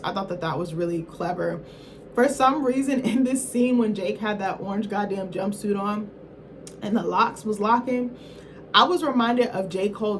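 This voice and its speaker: A woman's voice: mid-range voice, a little hiss or hum, poor audio. A woman vlogger giving a casual, rambling film review, swearing freely and acting out characters in quotes. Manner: chatty, profane, acts out characters in quotes; rambling, self-correcting, apologetic asides.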